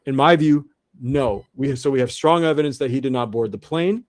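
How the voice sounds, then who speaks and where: Male guest, earnest and halting, middle pitch, dry recording. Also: dry recording. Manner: earnest, repeats and restarts often. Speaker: guest researcher. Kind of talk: interview monologue.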